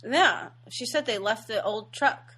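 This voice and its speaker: A woman's voice: on the high side, animated, unhurried, pushed and bright, slightly rough. A woman co-hosting a podcast, casually recapping a movie plot and laughing often. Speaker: podcast co-host. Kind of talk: casual movie-review chat.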